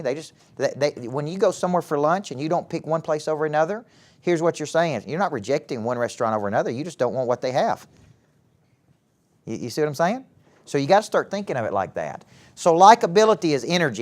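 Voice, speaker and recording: A middle-aged man with a Southern US accent giving a live motivational talk to young people, animated and often asking the audience questions. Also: a little high. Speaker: motivational speaker and former coach. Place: event hall with a live audience.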